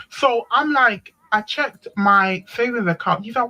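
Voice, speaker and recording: A woman's voice: mid-range voice, measured pace, pushed and bright, poor audio. A woman telling a personal story in casual chat, animatedly acting out what other people said. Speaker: live stream panelist.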